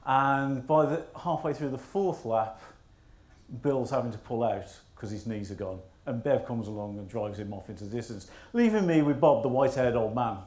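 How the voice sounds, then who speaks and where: A man's voice: mid-range voice, normal speed, darkish tone, reverberant. A man, a minister telling a funny personal story in a sermon, poking fun at himself. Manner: humorous, self-mocking storyteller.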